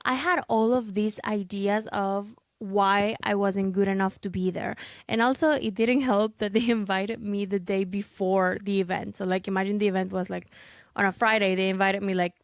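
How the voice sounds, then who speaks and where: A woman's voice: medium pitch, fairly even intonation, moderate pace, no room sound. Young woman podcaster just chatting away, lots of like and okay, dead dry mic sound. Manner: talkative, full of fillers and asides like "okay?". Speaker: podcast host and content creator. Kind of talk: casual chatty podcast monologue.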